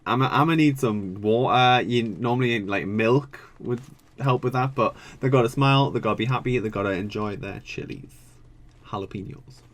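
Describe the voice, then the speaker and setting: A man's voice: mid-range voice, normal speed, slight background noise. A young man from the UK chatting casually as he reacts to a reality show, swearing often and groaning or squealing at what he sees. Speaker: reaction video creator.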